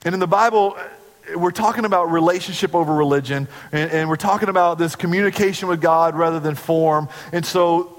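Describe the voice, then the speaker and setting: A pastor preaching a sermon to his church, earnest and conversational, sometimes dropping to a hush. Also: on the high side, fairly even intonation, a little fast, in a large hall.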